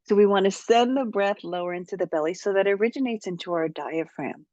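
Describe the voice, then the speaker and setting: A woman's voice: mid-range voice, fast, a little mellow, no room sound, lo-fi sound. A woman who coaches public speaking, giving an upbeat, direct tutorial to camera.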